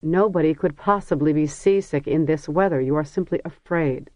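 A woman's voice: low-pitched, darkish tone, no room sound, natural voice. A narrator voicing a blunt, bossy older mother who scolds in a dry, close recording. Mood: scolding. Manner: brisk, scolding.

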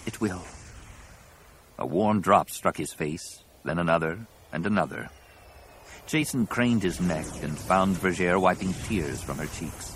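A man narrating an audiobook in a dramatic, expressive reading. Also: sits low, measured pace, a little hiss or hum.

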